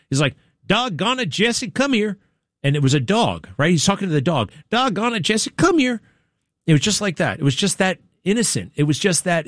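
Rambling talk-show man, dry studio sound. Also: no echo. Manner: rambling, animated, with exaggerated pitch swings. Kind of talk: casual talk radio monologue.

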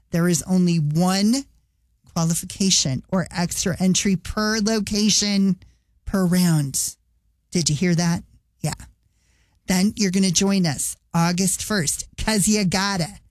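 A woman radio host reads a contest promo, upbeat and chatty. Her voice sits low for a woman. The studio sound is close and dry. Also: a little mellow, dry recording.

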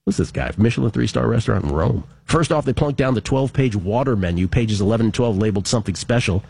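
Male sports radio host, husky voice, chatty and wry, casual delivery. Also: lowish voice, animated, fast, darkish tone, no room sound. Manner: chatty, reads listener messages with wry asides.

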